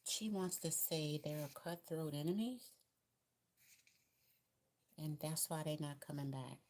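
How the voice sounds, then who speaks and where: A Southern-accented woman talks through a tarot reading in a loose, chatty way, cheering the listener on and circling back to the same advice. Her voice sits low in pitch. Faint background noise runs under her speech. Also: takes it slowly, a little mellow. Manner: chatty, repetitive, encouraging, with colloquial grammar. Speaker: tarot reader. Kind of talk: casual tarot card reading.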